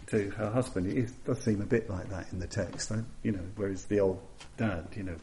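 A man giving a dharma talk as a Buddhist teacher, measured and deliberate, repeating phrases for emphasis and dropping to a soft hush at key moments. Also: on the low side, steady tone, slight background noise.

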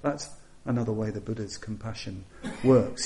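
A man giving a dharma talk as a Buddhist teacher, measured and deliberate, repeating phrases for emphasis and dropping to a soft hush at key moments. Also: mid-range voice.

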